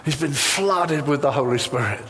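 A man preaching a sermon in an animated, humorous way, acting out the lines he quotes. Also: on the high side, normal speed, big-room sound.

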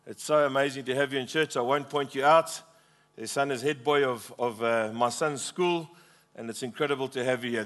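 A man's voice: mid-range voice, a bit bright. A middle-aged man preaching a passionate sermon as pastor, prompting the congregation to repeat lines.

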